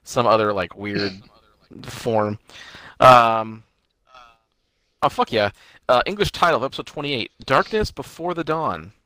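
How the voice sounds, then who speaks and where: A man's voice: medium pitch, unhurried, pauses often, pushed and bright, no room sound, rough recording. A man co-hosting a podcast, joking and swearing in casual chat as he reads out episode details. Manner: jokey, swears, reads titles out. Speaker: podcast co-host.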